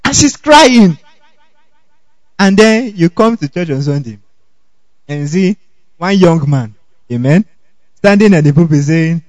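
High-voiced, animated male preacher. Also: unhurried, pauses often, dry recording, poor audio. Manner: animated, keeps asking the congregation "okay?"; chuckles between points. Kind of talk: sermon.

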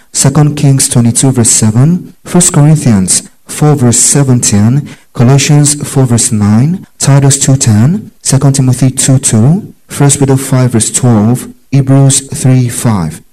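A man's voice: mid-range voice, warm tone, poor audio. A man teaching a Bible study, reading out scripture references in long lists, spelling out words and telling listeners what to underline. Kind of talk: dictated Bible study lesson.

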